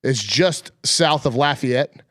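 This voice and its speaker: A man's voice: medium pitch, lively intonation, slow pace, a bit bright, dry recording, clean studio sound. A male radio host opening a sports talk show, chatty and emphatic.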